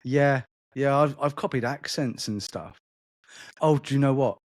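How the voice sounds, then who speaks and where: Chatting casually as a podcast co-host, this man speaks at a medium pitch and an unhurried pace, with an accent somewhere between London and polished English. He rambles, repeating words and restarting sentences often, and the clean studio recording has no echo.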